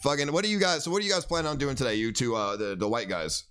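A man's voice: medium pitch, fast talker, a bit bright, clean tone. A man hosting a casual livestream, brash and profane, thanking viewers for subscriptions. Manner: brash, profane, reading out subs. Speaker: livestream host. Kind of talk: casual IRL livestream chat.

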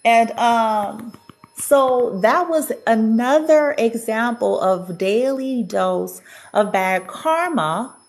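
A woman's voice: mid-range voice, vocal fry. A woman vlogger telling a personal story in a chatty, casual way, often laughing and acting out what people said.

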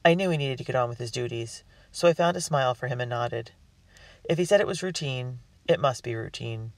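Guy reading a diary-style kids book out loud, earnest, dry room mic kinda far away. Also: mid-range voice, a little fast, dry recording. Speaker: audiobook reader. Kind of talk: first-person storybook narration.

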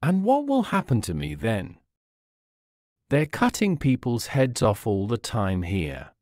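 A man's voice: medium pitch, wildly swooping pitch, takes it slowly, dark tone, dry recording, clean studio sound. A man reading the lines of a polite, curious young girl in a storybook.

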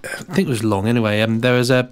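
A man's voice: mid-range voice, fairly even intonation, racing, clean tone, faint music behind. A man co-hosting a casual podcast, speaking hesitantly with many restarts. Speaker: podcast co-host. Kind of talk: casual chat.

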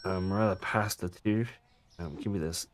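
A man's voice: deep voice, steady tone, moderate pace, slight background noise. A man casually commenting on his gameplay, chatty and jokey, swearing now and then and making asides to his viewers. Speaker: gaming streamer.

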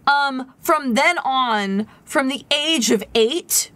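A woman streaming a game, chatting casually to her viewers and telling stories in an animated way. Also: high voice, slow, no echo. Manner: chatty, animated storyteller talking to chat. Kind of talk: casual gameplay chat.

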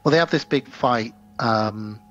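A man's voice: unhurried, muffled recording. A man co-hosting a podcast, casually recapping a film's plot and acting out lines from the scenes. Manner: retells scenes, acting out quotes in higher voices. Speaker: podcast co-host. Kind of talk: casual movie recap chat.

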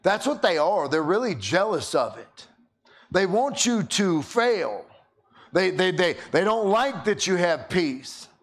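A man's voice: high voice, sing-song, slow. A man preaching a sermon, telling a story and often repeating words as he starts his sentences.

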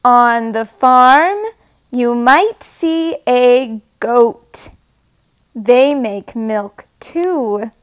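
A woman reads farm picture books to toddlers, high-pitched and sing-song. She goes very slowly, pausing over each word and making animal sounds for the little ones. The tone is gentle and encouraging, like a storytime leader. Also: lively intonation, clear, resonant tone.

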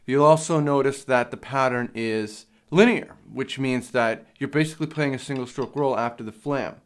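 Young guy walking you through a drum lesson, mid-pitched voice, plain and patient, some uhs. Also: moderate pace. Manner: plain step-by-step explaining with fillers. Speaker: drum teacher. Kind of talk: instructional lesson. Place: drum studio. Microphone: handheld field recorder.

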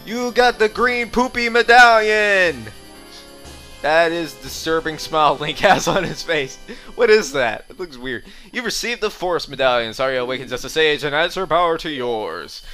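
A young Australian man giving goofy, excitable commentary while playing a video game. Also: fairly high pitch, normal speed, soft background music. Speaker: let's play gamer.

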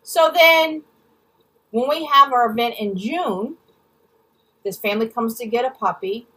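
Fired-up swearing woman, bright but husky. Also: a little high, unhurried, recorded from a distance, rough recording. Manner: angry, blunt, swears freely, mimics people in quotes. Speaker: vlogger. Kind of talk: ranting storytime vlog.

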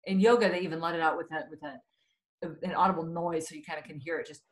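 A woman's voice: sits low, steady tone, quick pace, poor audio. Earnest woman explaining anxiety. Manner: earnest, explanatory, self-correcting. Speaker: anxiety expert guest. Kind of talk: webinar conversation.

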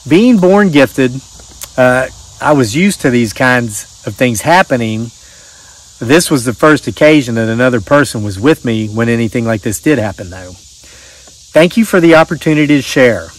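A man's voice: medium pitch, animated, moderate pace. Give me a middle-aged man, rambling host voice, casual and folksy. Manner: rambling, folksy, restarts often. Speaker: channel host reading viewer stories. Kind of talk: casual chat and reading aloud.

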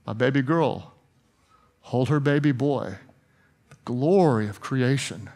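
A middle-aged man preaching as a pastor, telling stories earnestly and then praying with growing fervor. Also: on the high side. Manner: earnest storytelling, rising to fervent prayer. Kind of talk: sermon and prayer.

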